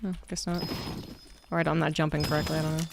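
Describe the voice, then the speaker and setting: A woman streamer from Virginia with a Mid-Atlantic American accent talks loosely while she plays, cursing freely and thinking out loud. Her voice sits a little low for a woman. A faint hiss of noise runs under her. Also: little pitch movement, rapid-fire, vocal fry. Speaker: gaming streamer. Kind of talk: casual chat while gaming.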